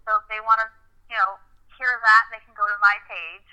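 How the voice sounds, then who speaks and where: A woman's voice: medium pitch, fairly even intonation, a little fast, pushed and bright, smooth, lo-fi sound. A woman guest in a podcast interview, talking lightly and jokingly about herself.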